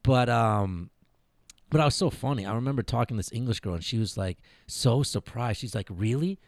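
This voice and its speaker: A man hosting a casual sports podcast, animated and profane, laughing as he tells stories. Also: mid-range voice, fairly quick, creaky, dry recording. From United States. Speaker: podcast host.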